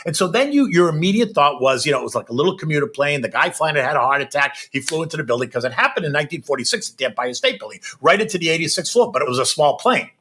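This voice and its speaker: A middle-aged man telling a personal story as a podcast guest, animated and keeps checking in with "right?". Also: a little high, fast talker, hardly any pauses, slightly rough.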